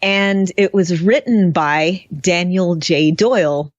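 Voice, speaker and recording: A woman with a fairly low voice speaks slowly as she co-hosts a fan podcast, casually discussing a TV episode with sarcasm and frequent laughter. The recording is dry and dull, lo-fi with no room sound.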